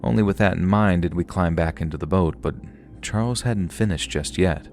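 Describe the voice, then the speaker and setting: A man narrating a horror story in a calm, steady storytelling voice. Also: sits low, normal speed, soft background music.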